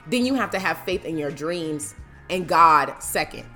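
A woman speaks with a bright, forceful tone, driving home each point in a casual motivational talk about faith. She is emphatic and a little preachy, slipping into playful voices when she quotes people. Soft music plays faintly behind her. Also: sits low, lively intonation, measured pace.

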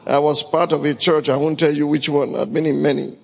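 A man's voice: a little high, little pitch movement, a little fast, gravelly. A man preaching a sermon, reading scripture and calling out to the congregation in dramatic bursts. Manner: dramatic, shouting bursts, Bible reading, call-and-response. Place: large hall with congregation. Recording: echoey hall.

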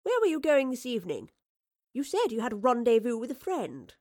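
A woman reading the part of a brisk, stern female professor in an audiobook, firm and questioning. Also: fairly high pitch, very animated, darkish tone, no echo, clean studio sound, voice pushed up.

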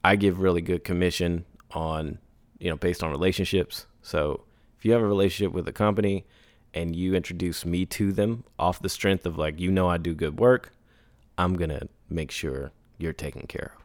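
A man hosting a solo podcast, telling business stories in a casual, animated way, acting out others in high put-on voices and laughing between lines. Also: moderate pace, no room sound. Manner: laughs and sighs often. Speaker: podcast host.

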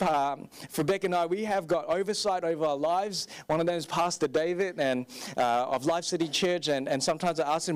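A young man preaching a sermon as pastor, candid and self-deprecating, with animated storytelling. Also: high voice. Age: young adult.

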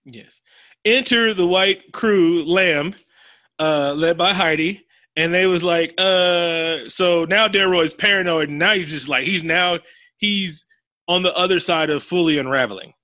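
A man with a high, unhurried voice and no echo recounts a scene from a film during casual talk. Full of energy, he plays out the characters' dialogue, drops swear words, and keeps laughing.

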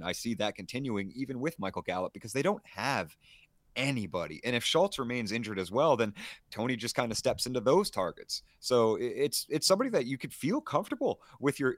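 A man breaks down football stats in a casual podcast chat, analytical and full of fillers. His mid-pitched voice sounds dry, with no room around it. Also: fairly bright tone, dry recording. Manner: fluent, filler-heavy, analytical. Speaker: podcast co-host.

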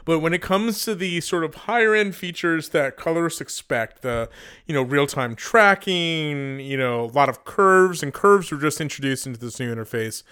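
A man hosting a casual podcast discussion, speaking in a thoughtful, measured way with many fillers. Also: fairly high pitch, pushed and bright, clear, resonant tone. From United States. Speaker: podcast host.

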